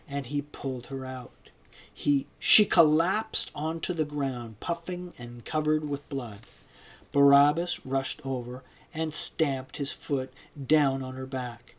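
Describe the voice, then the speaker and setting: A man narrating a novel as an audiobook, in a measured storytelling manner. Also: mid-range voice. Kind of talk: audiobook reading.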